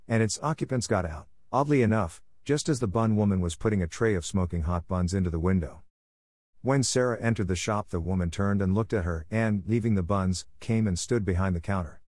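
A man narrates a storybook in a measured, even reading voice. His pitch sits on the low side, and the recording is dry and close with no room around it. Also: no echo. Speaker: audiobook narrator.

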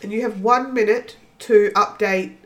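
A woman's voice: mid-range voice, fairly even intonation, unhurried. A woman with a blocked, stuffy nose co-hosting a podcast, dry and teasing as she runs the segments. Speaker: podcast co-host. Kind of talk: casual chat.

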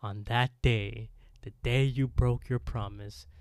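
A man voicing a lonely ghost woman, speaking softly and reproachfully about a broken promise. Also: medium pitch, fairly even intonation, takes it slowly, clear, resonant tone, dry recording, studio quality. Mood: mournful.

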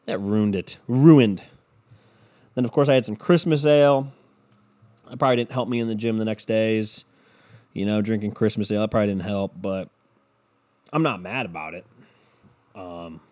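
A man host delivering a profane, exasperated ranting monologue, repeating his points for emphasis and throwing crude insults. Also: mid-range voice.

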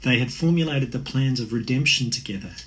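A man's voice: mid-range voice, a little fast, fairly bright tone, poor audio. A man preaching an earnest, conversational sermon. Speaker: pastor.

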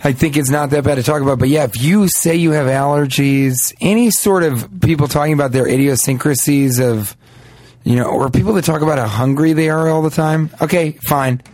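A man's voice: fairly high pitch, brisk, a little mellow, no room sound. Rambling comedian man, dry mic. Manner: rambling storyteller, mocking impressions. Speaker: comedian podcast co-host. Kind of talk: casual comedic banter.

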